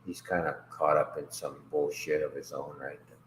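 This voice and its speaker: A man's voice: very deep voice, little pitch movement, moderate pace, roomy sound, slight background noise, rough recording. A man hosting a casual livestream chat, rambling and profane, laughing often between remarks. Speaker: host.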